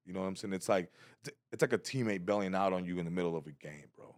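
A man's voice: deep voice, fast talker, dry recording, studio quality. A man in his thirties, a stand-up comedian, telling a story in casual, profane chat and acting out other people's voices.

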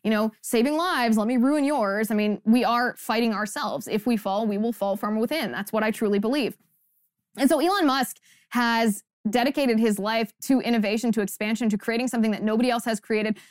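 A woman's voice: on the high side, fairly even intonation, fairly quick, no room sound, clean studio sound. A woman hosting a podcast, delivering an emphatic, indignant and sarcastic political commentary monologue. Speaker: podcast host.

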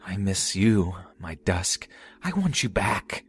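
A man's voice: deep voice, very animated, slow, slightly rough, pitched above the performer's own voice, exaggerated voice. A man voicing a deranged male clown stalker who croons sing-song, lovesick taunts. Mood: crooning, menacing.

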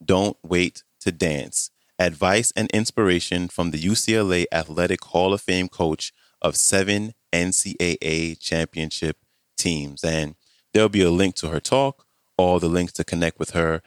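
Very deep-voiced male podcast host. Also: unhurried, no echo, studio quality. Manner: steady, reflective, encouraging delivery. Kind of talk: scripted podcast intro.

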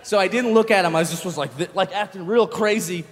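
A young man doing a stand-up comedy set, telling a story with animated delivery and shouted punchlines. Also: high-pitched, fast talker, in a large hall. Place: comedy stage with live audience.

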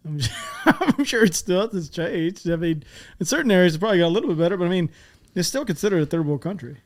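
A man hosts a casual podcast and offers his views in a loose, conversational way. His voice sits somewhat higher than most men's. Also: animated, quick pace. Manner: conversational, opinionated. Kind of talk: casual chat.

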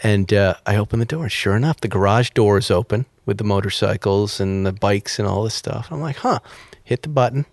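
A man's voice: on the low side, fairly quick, few pauses, no echo, studio quality. A man hosting a podcast, telling a casual story with energy and acting out the people and sounds in it. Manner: animated anecdote-telling, acts out dialogue and beeps. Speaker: podcast host.

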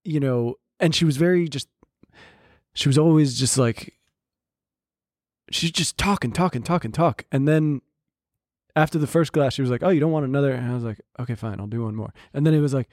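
A man's voice: mid-range voice, brisk, a little mellow, no room sound, clean studio sound. A man co-hosting a podcast, telling long dating stories in casual chat and acting out the lines of the people in them. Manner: rambling storyteller, acts out quotes. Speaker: podcast co-host.

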